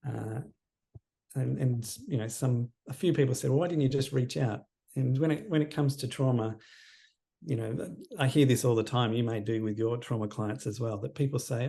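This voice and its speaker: Gravelly, mellow man reflecting. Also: medium pitch, brisk. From Australia. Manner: reflective, earnest, trailing off quietly. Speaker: counsellor as podcast guest. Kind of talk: personal storytelling in interview.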